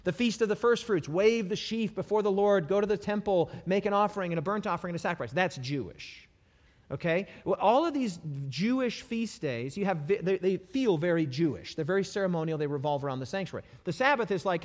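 A man preaching a sermon in an animated way, often repeating words for emphasis. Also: high-pitched, brisk, in a large hall.

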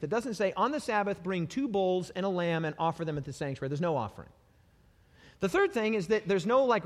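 A man preaching a sermon in an animated way, often repeating words for emphasis. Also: fairly high pitch, big-room sound.

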